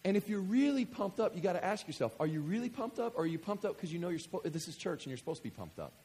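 A man from West Kentucky preaching a sermon, joking with the congregation and swinging from quiet scripture reading to loud excitement. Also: high voice, racing, breathy edge. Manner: animated, jokey, swings between quiet reading and loud enthusiasm. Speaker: pastor.

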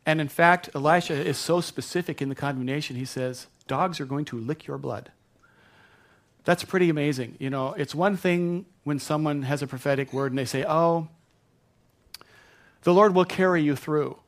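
A man's voice: fairly high pitch, moderate pace. Man telling a sermon story, chatty. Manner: conversational storytelling with asides and restarts. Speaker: pastor.

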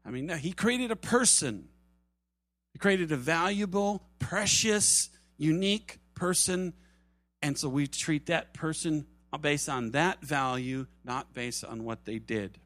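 A man preaching a sermon at a church service, animated, acting out quoted voices and dropping to soft tones for emphasis. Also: a little high, measured pace, no echo, faint music behind. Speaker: pastor.

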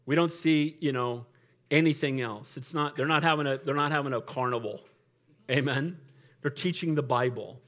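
A man's voice: mid-range voice, normal speed, a bit bright. A middle-aged male pastor preaching a sermon in a conversational, humorous way, often laughing and asking for an amen.

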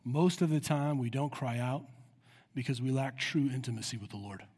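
A man's voice: medium pitch, normal speed, a little mellow, husky. A man preaching a sermon with earnest emphasis, acting out prayers in a raised voice. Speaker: pastor. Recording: long hall reverb.

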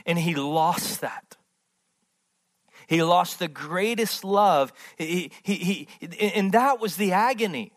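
A man's voice: high-pitched, animated, takes it slowly. Impassioned man preaching a sermon. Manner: impassioned, swings from loud emphatic to hushed; repeats words, restarts phrases. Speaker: pastor. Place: church.

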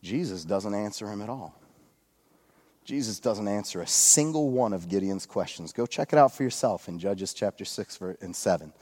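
A male pastor preaching a sermon at a church service, retelling a scripture story in a relaxed, joking way with lots of asides. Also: lowish voice, moderate pace. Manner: casual storytelling with jokes and asides.

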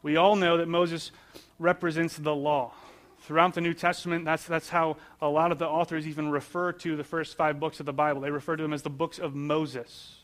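A man's voice: a little high, flat delivery, brisk, a bit bright. A man preaching a sermon in a conversational way, asking questions and answering them, repeating phrases for emphasis. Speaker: pastor.

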